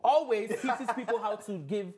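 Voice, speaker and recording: A woman's voice: mid-range voice, moderate pace, crowd noise. A woman co-hosting a panel chat show, blunt and joking in her opinions. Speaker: show co-host.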